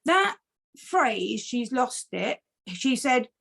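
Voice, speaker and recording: Middle-aged woman, foster carer answering interview questions, earnest and animated, slightly high voice. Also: normal speed. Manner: earnest, animated storytelling with many restarts.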